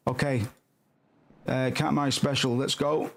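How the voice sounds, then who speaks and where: A man's voice: mid-range voice, a little slow, gravelly, a little hiss or hum. A man streaming a horror game, rambling casually and swearing as he plays along with the characters. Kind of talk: casual gameplay commentary.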